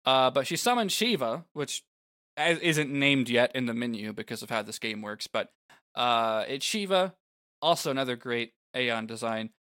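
Man, podcast co-host, casual chat, laughing, bright, animated. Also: medium pitch, normal speed, no echo, clean studio sound. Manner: laughing, loose and chatty, swears.

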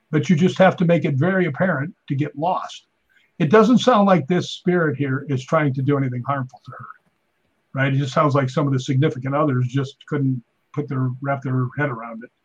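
A middle-aged man, a stuntman and paranormal investigator, telling animated stories in casual chat and acting out voices. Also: a little high, husky, lo-fi sound.

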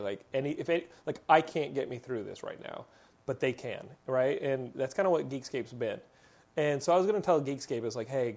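A man hosting a podcast in casual chat, telling stories in an animated way with many fillers. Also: medium pitch. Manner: animated storytelling, full of fillers and laughs. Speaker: podcast host.

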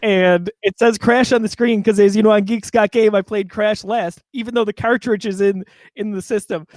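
A man's voice: high-pitched, steady tone, normal speed, darkish tone, no room sound. A man co-hosting a movie podcast, chatting casually and laughing through his stories. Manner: chatty, apologetic, laughs while telling a story. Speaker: podcast co-host. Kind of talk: casual chat.

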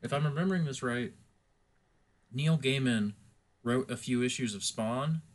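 A man's voice: mid-range voice, normal speed. A man co-hosting a podcast in casual chat, rambling and laughing easily. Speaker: podcast co-host.

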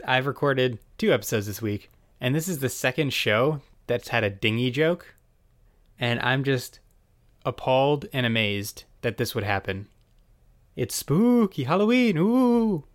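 A man's voice: medium pitch, a bit bright. Wry male podcast host, casual recap delivery. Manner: wry, chatty, jumps into quick quoted voices.

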